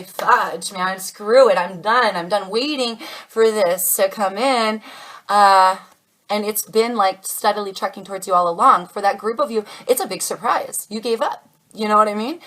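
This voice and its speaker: A woman's voice: mid-range voice, fairly bright tone, rough recording. A woman giving a casual tarot reading to camera, chatty and reassuring, calling her viewers darlings. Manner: chatty, calls viewers darlings, channels spirit messages. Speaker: tarot reader.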